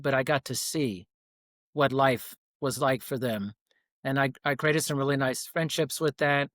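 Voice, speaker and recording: A man's voice: medium pitch, no echo, clean studio sound. A young man, a personal trainer, telling stories casually as a podcast guest, with loose restarts and chuckles. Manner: relaxed storytelling with frequent restarts and chuckles. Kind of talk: casual interview talk.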